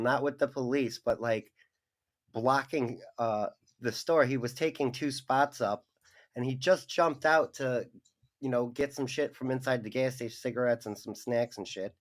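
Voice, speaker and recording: A man co-hosting a casual chat, laughing often and going off on tangents. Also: medium pitch.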